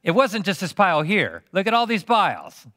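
A middle-aged pastor delivers a sermon with a lively, swooping voice that sits a little high for a man. He keeps teasing his listeners with questions. The sound is close and dry. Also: moderate pace, dry recording. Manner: animated, teasing questions to the congregation.

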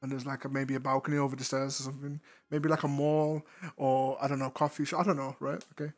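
A man's voice: medium pitch, little pitch movement, fast, soft background music. A British man chatting casually with friends, teasing and crude, laughing often. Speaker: streamer.

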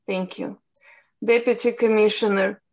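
A woman with a Russian accent moderating a council hearing over a video call, reading formal procedural instructions in a measured way. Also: mid-range voice, steady tone, a little mellow, poor audio. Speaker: hearing moderator, policy analyst.

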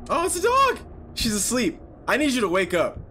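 Jumpy, animated man on a horror playthrough. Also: extremely high pitch, normal speed, a little hiss or hum. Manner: jumpy, talks to himself, swears, yelps and shouts when startled. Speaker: gaming YouTuber. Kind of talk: horror game commentary.

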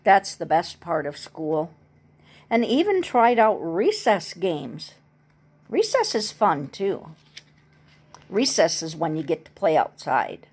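A woman reading a picture book aloud to a small child, stopping for gentle chatty asides. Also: fairly low pitch, very animated, slow, breathy edge.

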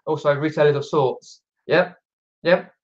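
A man's voice: fairly high pitch, fairly even intonation, unhurried, muffled recording. A British man chatting casually on a home live stream, reading out viewer comments and rambling with many fillers and restarts. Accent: British English. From Britain. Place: indoors at home, downstairs. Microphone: camera mic.

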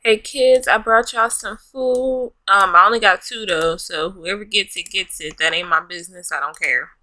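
A woman's voice: medium pitch, normal speed, sharp tone, poor audio. A young woman giving casual, playful let's-play commentary, laughing often and talking back to the game characters in slang. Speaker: gaming YouTuber.

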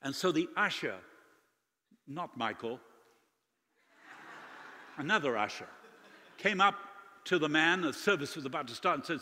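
A man's voice: on the high side, expressive, unhurried, pauses often, bright, forceful tone. A male guest preacher telling stories in a sermon, acting out dialogue in a church with a long echo. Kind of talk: sermon storytelling. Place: church sanctuary. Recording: long church hall reverb.

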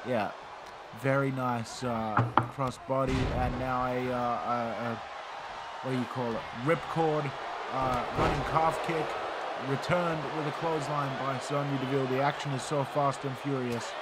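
A man calls the action in a wrestling video game in a loose, chatty way, stumbling over fillers and restarting his sentences. His pitch sits in the middle range. Steady background noise runs under the recording. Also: unhurried. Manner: rambling, lots of fillers and restarts. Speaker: play-by-play commentator. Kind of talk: casual video game commentary.

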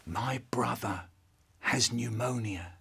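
Slow, very husky male storyteller. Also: mid-range voice, sharp tone. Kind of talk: comic storytelling.

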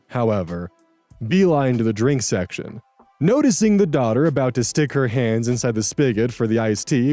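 Male host reading Reddit posts aloud, earnest and reflective, mellow tone, dry close sound, soft music under him. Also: medium pitch, no echo. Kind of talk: narrating and commenting on Reddit stories.

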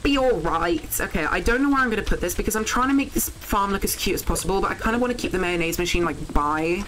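A young woman, chatting casually while live-streaming a farming game, thinking out loud and swearing when things go wrong. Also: mid-range voice, animated, fast, a little hiss or hum, low-quality recording.

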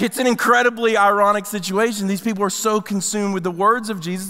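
A man preaches from the pulpit with a high, bright, forceful voice. He is animated and slips into the voices of people in the story as he tells it. The sound carries the long reverb of a church sanctuary. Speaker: pastor. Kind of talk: sermon.

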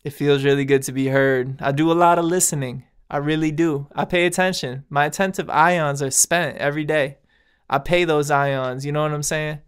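A man's voice: a little high, steady tone, moderate pace, clean tone. A man hosting his own podcast, talking earnestly and casually to his listeners with frequent laughs and slangy asides. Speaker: podcast host. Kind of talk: casual spiritual monologue.

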